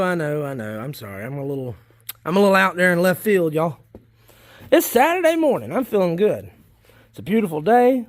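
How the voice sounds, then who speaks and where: Excitable man rambling on camera. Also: high voice, no room sound, studio quality. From South Carolina, United States. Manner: rambling, folksy, easily excited. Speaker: worm farming vlogger. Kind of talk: casual chat while filming.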